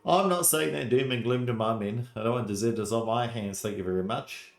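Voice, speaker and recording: A man's voice: mid-range voice, fairly quick, roomy sound, voice pushed up, close to an everyday voice. A man voicing a weary, blunt middle-aged male sergeant with a grim outlook.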